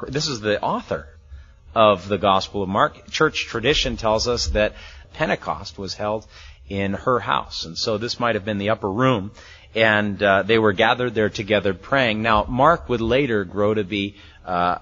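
Pastor guy teaching bible verses, kinda husky, sounds a bit muffled like an old church tape. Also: lowish voice, pushed and bright. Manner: conversational, acts out quoted voices, chuckles often. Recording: muffled lo-fi sermon recording.

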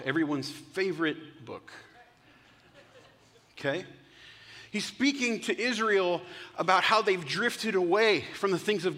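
A male pastor preaches in a conversational way and checks in with his listeners through frequent questions. His voice is bright and a touch high, and it carries with a long reverb in a church sanctuary. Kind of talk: sermon.

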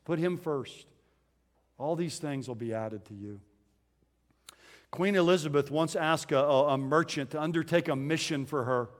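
A man preaching a sermon as a pastor, earnest, slowing down to stress the verses he quotes. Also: a little high.

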